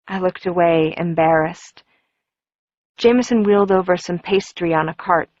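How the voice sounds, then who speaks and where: Woman narrating with a lowish voice. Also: normal speed, a little mellow, dry recording, lo-fi sound. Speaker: audiobook narrator. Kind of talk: first-person audiobook narration.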